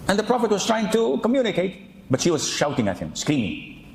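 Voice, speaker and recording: A man preaching a humorous sermon-style reminder, acting out quoted voices with sudden high jumps in pitch. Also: huge pitch swings, a little fast, gravelly, reverberant, a little hiss or hum, low-quality recording. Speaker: Islamic preacher.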